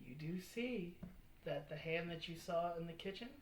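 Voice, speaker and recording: A woman's voice: fairly low pitch, moderate pace. A woman narrating as game master with rambling, filler-heavy descriptions. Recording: echoey room with background noise.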